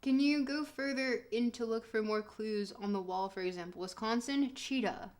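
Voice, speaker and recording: A woman's voice: on the high side, moderate pace, darkish tone. A woman streaming a geography game, reading chat aloud and reacting with laughter and mock outrage. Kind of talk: casual game stream commentary.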